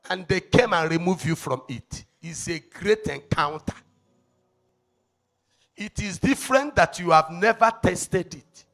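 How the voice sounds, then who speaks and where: A Nigerian man preaches a fervent sermon in a strikingly high, bright and forceful voice with a gravelly edge. He swings between shouted declarations and quiet asides, and keeps pressing the congregation with rhetorical questions. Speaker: evangelist.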